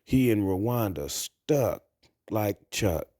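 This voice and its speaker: A man's voice: fairly low pitch, expressive, slow, mellow, no echo, clean studio sound. A man talking to camera in a blunt, crude, rambling monologue. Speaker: vlogger. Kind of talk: casual monologue.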